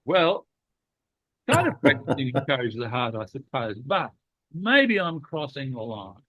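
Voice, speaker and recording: A man with a cold hosts a leadership program's casual podcast discussion, chatty and playfully teasing. His mid-range voice is unhurried and a bit bright with big pitch swings, recorded dry with no room sound over a tinny, phone-like line.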